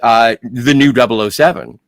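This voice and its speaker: A man co-hosting a podcast, jumping in with animated reactions and opinions in casual chat. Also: medium pitch, moderate pace, no echo, studio quality. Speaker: podcast co-host.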